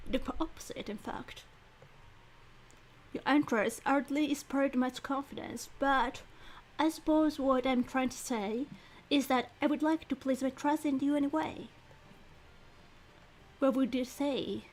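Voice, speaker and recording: A woman voicing a formal reserved commandant. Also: high-pitched. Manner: measured, polite, formal.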